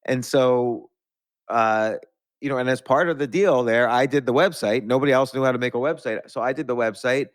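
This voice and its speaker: A man's voice: medium pitch, normal speed, no room sound. Man telling rambling stories, dry sound. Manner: rambling anecdotes with restarts and laughs. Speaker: podcast host. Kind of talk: storytelling in conversation.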